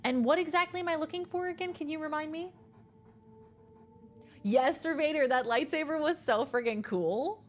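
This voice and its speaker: A young adult woman streaming a game, chatting casually with her chat, excitable and easily rattled. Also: high-pitched, brisk, few pauses.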